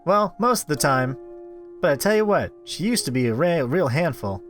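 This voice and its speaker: A man's voice: a little high, sing-song, moderate pace, fairly bright tone, faint music behind, pitched above the performer's own voice. A man putting on a sugary female stalker. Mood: mock-cheerful. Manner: cloying, singsong, mock-cheerful. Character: sweetly menacing young female stalker. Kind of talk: voice-acting a visual novel.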